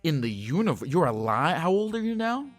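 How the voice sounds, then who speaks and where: A man's voice: fairly high pitch, big pitch swings, fairly quick, no echo, faint music behind. Man hosting a playful call-in chat. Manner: playful, earnest questioning. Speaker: host.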